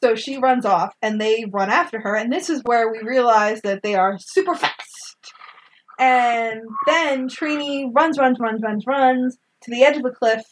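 A woman in casual chat recapping a movie, animated, laughing often and acting out characters' lines. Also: on the high side, a little slow, a little hiss or hum, poor audio. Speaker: podcast co-host recapping a film.

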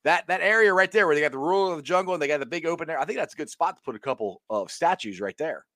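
A man hosting a casual sports talk show, animated and reading viewer comments aloud. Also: a little high, racing, dry recording, studio quality. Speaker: show host.

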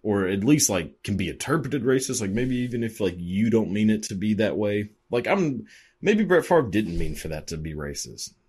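Young dude in his 20s rambling and swearing a lot, real low husky voice, tons of "like"s. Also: animated, normal speed, darkish tone. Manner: rambling, profane, lots of fillers and laughs. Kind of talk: casual monologue.

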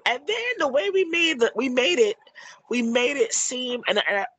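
A man's voice: very high voice, expressive, moderate pace, bright, forceful tone, slightly rough, no echo, poor audio. A man talking about the movie he made in a casual chat, rambling with lots of "you know" and restarts. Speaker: filmmaker discussing his movie.

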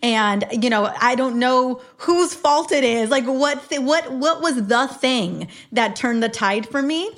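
Forties woman, health-expert guest on a podcast, earnest, reflective delivery with frequent restarts, voice on the high side. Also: animated, unhurried, hardly any pauses. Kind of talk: casual conversation.

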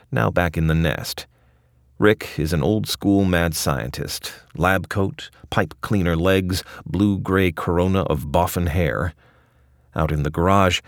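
A man's voice: low voice, no echo, studio quality. A man narrating a scripted audio essay with a wry, ornate delivery.

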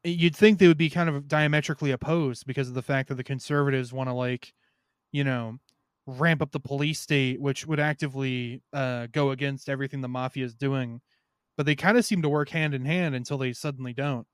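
A man's voice: medium pitch, fairly even intonation, a little fast, clear, resonant tone, no echo, clean studio sound. A man co-hosting a podcast in casual chat, sarcastic and given to mock-serious rants. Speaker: podcast co-host.

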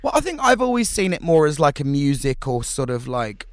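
Man, casual chat, lively storyteller, a bit high-pitched, dry close mic. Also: brisk, no echo. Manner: chatty, animated, breaks into quoted voices. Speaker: cabaret and drag performer.

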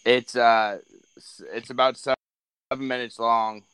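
A man on a casual chat, speaking in a halting, hesitant way. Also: mid-range voice, little pitch movement, a bit bright, clear, resonant tone, dry recording, poor audio.

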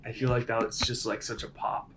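Laid-back male guest, mid pitch, slight hiss behind him. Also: monotone, normal speed, fairly bright tone. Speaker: podcast guest. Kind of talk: casual chat.

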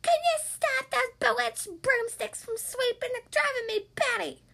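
A woman voicing a messy, loud female monster who shouts in a high, shrill voice in a storybook. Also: unhurried, creaky, full character voice. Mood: fed up.

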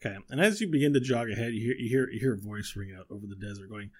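A man narrating as game master of a tabletop game, talking in a relaxed, rambling way with many fillers. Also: fairly low pitch, racing, few pauses, slightly rough.

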